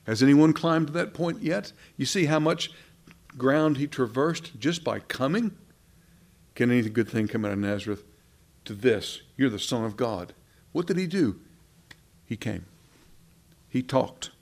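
Male preacher, gravelly, impassioned delivery with sudden soft drops. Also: mid-range voice, animated, unhurried, pauses often. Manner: impassioned, rising and dropping to soft. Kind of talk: sermon.

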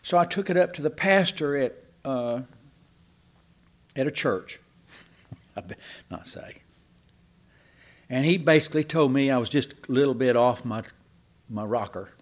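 A man's voice: mid-range voice, normal speed. An older man preaching a sermon, telling church history as stories with asides and restarts.

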